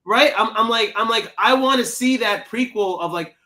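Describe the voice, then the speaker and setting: An energetic man co-hosts a film discussion, his voice sitting a little high and ringing bright. He jumps into acted-out quotes and exclamations, the rhythm of easy, excited conversation. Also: normal speed. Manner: animated, exclaims and acts out quotes. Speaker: film podcast co-host.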